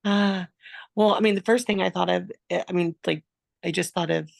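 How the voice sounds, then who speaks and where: A woman caller asking for a reading, speaking in a hesitant, halting way with a gravelly voice. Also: lowish voice, fairly even intonation, no room sound, studio quality. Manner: hesitant, halting, restarts sentences. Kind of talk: casual chat on a video call.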